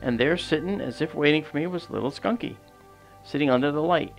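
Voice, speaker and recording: Man with a gravelly voice, rambling storyteller. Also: fairly high pitch, fairly quick, soft background music. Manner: rambling, many fillers and restarts, animated quoted dialogue. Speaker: astronomy livestream host. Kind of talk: casual anecdote storytelling.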